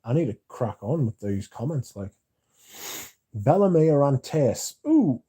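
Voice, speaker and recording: Chatty British man with a dark voice. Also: medium pitch, animated, a little slow, slightly rough. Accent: British English. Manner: chatty, rambling, lots of "like" fillers. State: drowsy, yawning. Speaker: livestream host reading chat. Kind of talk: casual livestream chat.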